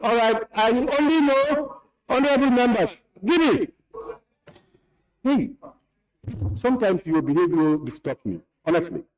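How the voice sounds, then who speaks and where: A man's voice: very high-pitched, expressive, normal speed, poor audio. Stern Gambian man chairing parliament. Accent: Gambian English. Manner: stern, scolding, repeats himself. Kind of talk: presiding over a heated debate. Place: parliament chamber.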